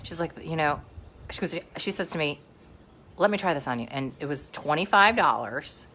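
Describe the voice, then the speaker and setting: Casting: rambling mom vlogger, a woman with a low, bright voice, faint outdoor ambience. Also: expressive, normal speed, slight background noise. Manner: rambling, chatty, many fillers and restarts. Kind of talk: casual live-stream chat. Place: outdoors near the beach. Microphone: phone live stream.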